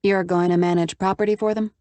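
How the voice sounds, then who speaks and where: A woman narrator plays a persistent young woman whose speech is crisp and businesslike, a little higher than the narration. The reading is close and completely dry. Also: little pitch movement, fast talker, mellow, dry recording, lightly acted. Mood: determined. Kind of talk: audiobook character voice.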